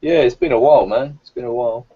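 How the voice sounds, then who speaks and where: A young man co-hosting a casual stream, relaxed and rambling with fillers. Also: medium pitch, fast, breathy edge. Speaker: co-host. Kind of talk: casual live-stream chat. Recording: dull lo-fi stream audio.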